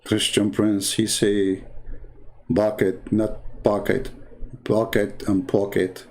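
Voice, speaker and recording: A man's voice: fairly low pitch, level tone, takes it slowly. A man with an Arabic accent, a native Arabic speaker, giving a sarcastic, exasperated casual commentary and telling mocking anecdotes. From Middle East. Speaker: online debater and channel host.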